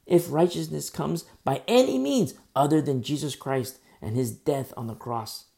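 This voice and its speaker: Gravelly, blunt preaching man. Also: a little high, lively intonation, normal speed, warm tone. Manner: blunt, emphatic preaching with asides and mock quotes. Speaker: pastor. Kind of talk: sermon.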